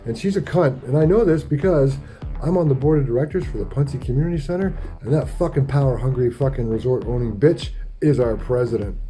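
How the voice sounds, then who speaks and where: A man's voice: medium pitch, fairly quick, mellow, faint music behind. A man telling a rambling, profane story in a casual vlog. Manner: profane, rambling, laid-back. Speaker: vlogger.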